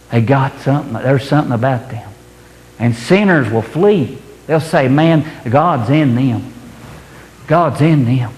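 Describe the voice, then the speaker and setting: Male preacher, emphatic and folksy, high-pitched, long hall reverb. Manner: emphatic, colloquial, repetitive preaching. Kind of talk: sermon. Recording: echoey hall, roomy reverb.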